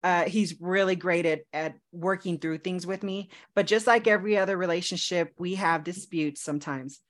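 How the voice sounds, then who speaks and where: Animated laughing woman podcast co-host. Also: on the low side, normal speed. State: engaged to be married. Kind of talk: casual chat.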